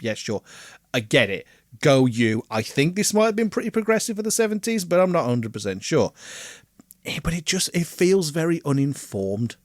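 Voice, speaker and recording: A man, co-hosting a casual album review podcast, animated, swearing freely and laughing often. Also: medium pitch, no echo, clean studio sound. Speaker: podcast co-host.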